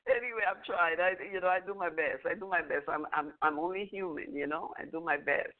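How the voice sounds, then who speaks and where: A woman's voice: on the low side, normal speed. Older woman, rambling storyteller with a chuckle; phone-quality audio. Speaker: spiritual teacher. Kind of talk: casual teaching talk. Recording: tinny phone-line audio.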